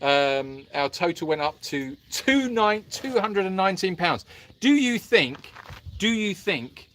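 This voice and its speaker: A playful middle-aged man hosting a live stream, his voice bouncing up and down with lively animation. He teases his co-host and hams it up with mock accents, sitting a touch higher in pitch than most men. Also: unhurried, slight background noise. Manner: jokey, teasing, slips into mock accents.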